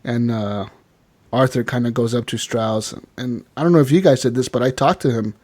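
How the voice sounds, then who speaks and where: Speaking at a normal pace in a medium-pitched voice, a man co-hosting a podcast walks through a game recap in casual conversation. His storytelling is lively, with frequent laughter, plenty of swearing, and characters acted out along the way.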